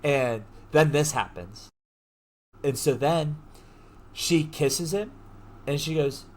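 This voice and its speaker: Animated man retelling a story casually. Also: on the high side, slow, pauses often. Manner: animated, slangy retelling with frequent swearing. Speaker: podcast host. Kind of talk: casual chat.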